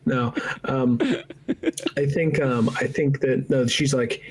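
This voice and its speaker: A man's voice: medium pitch, steady tone, slightly rough, poor audio. A man co-hosting a podcast, talking casually and rambling through a comic book story. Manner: rambling, acts out panels in quick voices. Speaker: podcast co-host.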